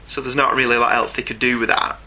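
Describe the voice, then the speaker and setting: A man's voice: mid-range voice, flat delivery, fast, bright, forceful tone. A man co-hosting a podcast, chatting casually and in detail about comics with a dry humour. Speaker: podcast co-host. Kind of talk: casual chat reviewing comics.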